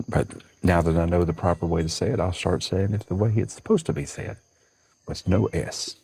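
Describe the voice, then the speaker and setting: A man's voice: low-pitched, normal speed, gravelly, long pauses, dark tone, husky, rough recording. A man with a Southern US accent hosting a casual livestream from a porch at dawn, chatting and greeting viewers by name. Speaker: livestream host.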